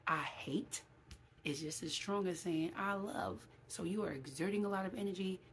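A woman, speaking in a slightly low voice. She talks to the camera in a loose, animated way, with lots of ums along the way. A faint room hiss sits behind her. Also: a little fast. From New York City. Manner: animated, acts out quoted voices, many fillers. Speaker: vlogger. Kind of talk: casual talk to camera.

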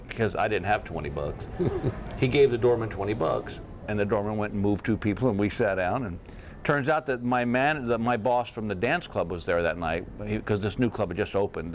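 This guest is a comedian, a middle-aged man from Texas, speaking at a fairly low pitch with a little hiss or hum on the recording. Sitting in a hotel room for a casual interview, he tells stories animatedly and keeps laughing through them.

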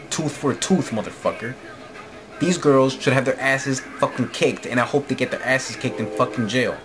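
A man from New Jersey ranting angrily and profanely into the camera late at night, often repeating "you know what I'm saying.". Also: medium pitch. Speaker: vlogger. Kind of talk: late-night opinion rant.

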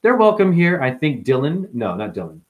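A man's voice: on the high side, sing-song, moderate pace, phone-quality sound. A man hosting a livestream, casually reading out chat comments and joking with viewers by name. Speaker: livestream host.

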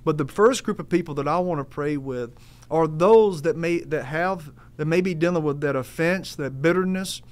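A man's voice: a little high, moderate pace. A man preaching a sermon in an earnest, emphatic way, repeating his key phrases and calling the listeners family.

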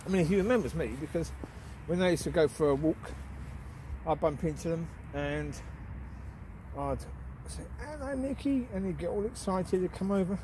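A middle-aged man chatting casually while walking his dog outdoors, now and then calling out loudly to it. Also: on the high side, normal speed, long pauses, a little hiss or hum. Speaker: dog owner vlogger. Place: outdoors on a rural walk.

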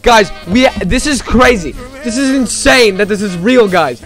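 A man's voice: sits high, unhurried, fairly bright tone, faint music behind. A man live-streaming and chatting with his viewers, greeting them by name and playing up mock shock with sarcastic exaggeration. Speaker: livestreamer. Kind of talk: casual live-stream chat.

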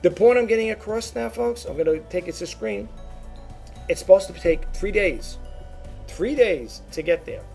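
Gravelly man rambling to his viewers. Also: high voice, animated, moderate pace, mellow, faint music behind. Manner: rambling, restarts and repeats words, talks straight to viewers. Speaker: online reseller and vlogger. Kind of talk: casual talk to camera.

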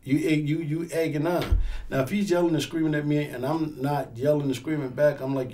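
Casual male instructor, mellow tone, animated storyteller. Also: fairly high pitch, fairly quick, slight background noise. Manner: animated, acts out scenarios in quoted voices. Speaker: firearms instructor and pastor. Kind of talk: casual interview talk.

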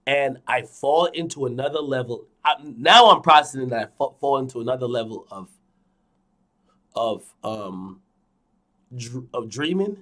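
A young man streaming, telling a dream to his viewers in a casual, animated way, swinging from loud to hushed, repeating phrases and swearing a lot. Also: medium pitch, a little slow. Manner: frequent fillers and profanity. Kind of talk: casual storytelling to a live audience.

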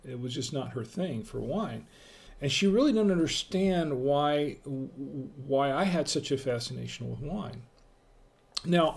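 A man's voice: fairly high pitch, darkish tone. A middle-aged man hosting a casual live-stream wine tasting, chatting with viewers in the chat and greeting them by name.

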